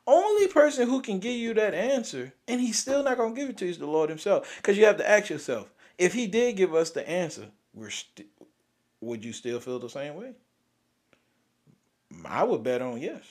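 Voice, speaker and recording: A young man, hosting and venting about grief in a raw, profane way, swinging from loud outbursts to near-whispers. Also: medium pitch, animated, moderate pace. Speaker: podcast host. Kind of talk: emotional personal venting.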